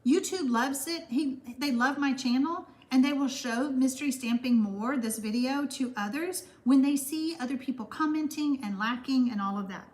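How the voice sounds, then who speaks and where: A woman's voice: high voice, normal speed, few pauses. A woman with a Texan accent hosting a chatty card-making live stream, gushing and rambling as she reads viewer comments. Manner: warm, gushing, rambling with fillers.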